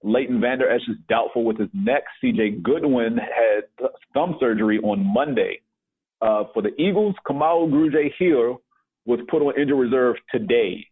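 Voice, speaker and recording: A man's voice: mid-range voice, normal speed, slightly rough. A man co-hosting a sports podcast, blunt and sarcastic, grumbling about his team. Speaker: podcast co-host, Eagles fan. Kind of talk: casual sports podcast chat. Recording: tinny phone-like remote line.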